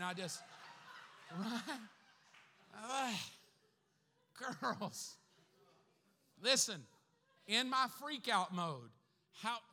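A middle-aged man preaching a humorous sermon as a pastor, telling jokey stories with sudden loud bursts. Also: high-pitched. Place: large church hall. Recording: long hall reverb.

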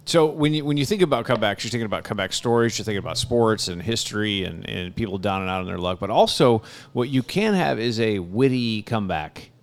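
A man's voice: fairly low pitch, animated, fast, few pauses. A man co-hosting a casual chat, telling stories in an easygoing way, often trailing off and restarting. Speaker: podcast co-host.

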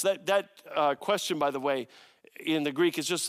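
A male pastor preaching with an unusually high speaking voice. He delivers emphatically, building long stacked lists. He often pauses to ask the congregation "right?". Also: fairly bright tone. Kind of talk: sermon.

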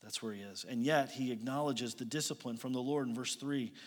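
A man preaching a sermon as pastor, moving between loud emphatic lines and quiet asides. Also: mid-range voice, brisk, few pauses, long reverb tail.

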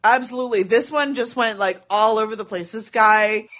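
Woman, podcast co-host, slightly high, chatty storyteller who laughs a lot. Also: normal speed, a bit bright. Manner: chatty, laughs often while telling stories. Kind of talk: casual chat.

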